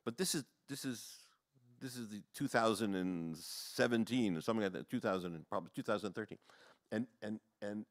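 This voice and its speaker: A man, a rabbi, telling stories to an audience in a rambling, animated way, full of fillers and short laughs. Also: lowish voice, a little fast, no room sound, studio quality. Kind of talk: storytelling talk.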